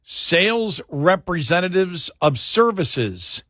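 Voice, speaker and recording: A man with a high, very animated voice hosts an overnight radio talk show, reading a list aloud and trading quips. His pace is slow and his tone pushed and bright, though his speech speeds up when he gets annoyed. It's a studio-quality recording from a radio studio on a studio microphone, with no room sound.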